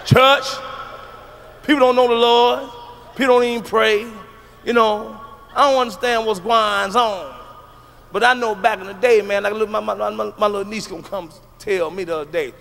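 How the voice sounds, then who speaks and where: A middle-aged man from the United States doing a loud, profane stand-up comedy routine on stage, telling punchy stories. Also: high-pitched, steady tone, moderate pace, creaky, a little hiss or hum. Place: stage before a live audience.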